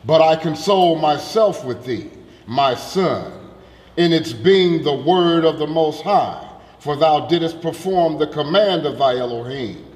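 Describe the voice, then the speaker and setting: A man reading scripture aloud to a study group in a slow, measured way. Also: on the high side, expressive, a little mellow. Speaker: scripture reader. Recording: roomy hall echo, faint background noise.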